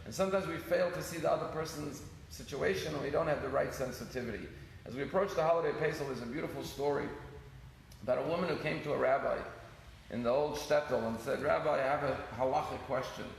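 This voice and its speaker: A man, a rabbi, giving a sermon and telling stories, acting out the dialogue with shifts in pitch. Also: quick pace, creaky. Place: synagogue hall. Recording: echoey hall with some noise.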